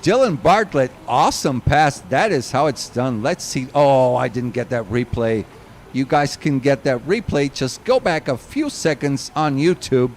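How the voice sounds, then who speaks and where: A man giving live race commentary, excitable and bursting out at big moves, also reading out long lists of drivers. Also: medium pitch, measured pace, slight background noise.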